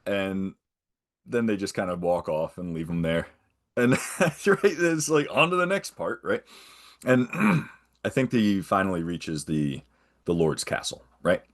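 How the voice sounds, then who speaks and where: A man's voice: low voice, sing-song, unhurried. A man guesting on a podcast, casually retelling a film's plot in a rambling way and often tagging on "right?". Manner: rambling, checks in with frequent "right?". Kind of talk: casual film recap.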